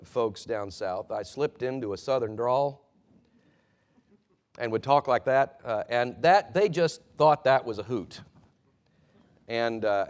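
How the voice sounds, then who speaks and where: A man preaching as a pastor, reading scripture and then giving a sermon in an earnest, measured way with frequent pauses and hesitations. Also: medium pitch.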